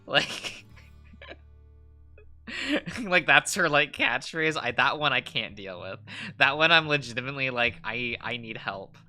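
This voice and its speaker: A man's voice: fairly high pitch, big pitch swings, measured pace, pauses often, pushed and bright, soft background music. A man chatting casually on a live drawing stream, rambling with lots of fillers and frequent giggles.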